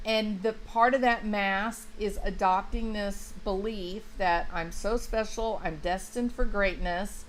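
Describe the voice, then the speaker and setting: A woman's voice: medium pitch, slight background noise, low-quality recording. A woman hosting a true crime livestream, talking casually to her viewers and greeting them by name. She is emphatic and chatty and often restarts her sentences. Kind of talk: casual livestream commentary, reading chat.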